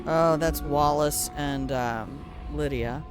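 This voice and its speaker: A woman's voice: low-pitched, slow, over music. An older woman streaming a video game live, chatting casually, swearing now and then and reading in-game notes aloud. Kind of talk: casual live gameplay commentary.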